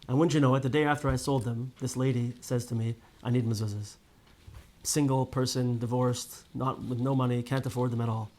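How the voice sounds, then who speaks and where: Teaching a small group a casual Torah class, a man spins stories with lively rises and falls, frequently starting over and asking "right?" His voice is medium in pitch and brisk.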